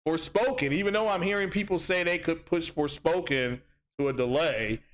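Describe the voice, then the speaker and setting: A man's voice: on the high side, moderate pace. A man hosting a casual gaming livestream, rambling with many ums and restarts as he reads chat aloud.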